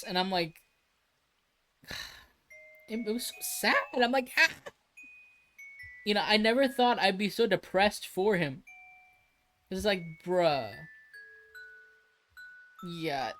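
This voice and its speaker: A livestreamer talks off the cuff in a mid-pitched voice, rambling and restarting sentences and swearing for emphasis. Faint music plays quietly behind the talk. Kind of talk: casual livestream chat.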